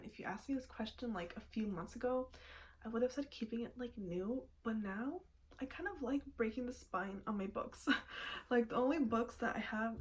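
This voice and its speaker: A woman's voice: fairly high pitch, slight background noise. A young woman chatting casually at home about her reading habits, giggling often and filling her sentences with "like". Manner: chatty, giggly, many "like" fillers. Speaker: booktuber. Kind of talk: casual chat.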